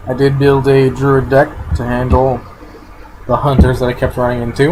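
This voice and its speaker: A man's voice: medium pitch, moderate pace, background noise. A man giving casual, unscripted commentary while playing a card game, thinking aloud and sometimes talking with his mouth full. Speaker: gameplay commentator.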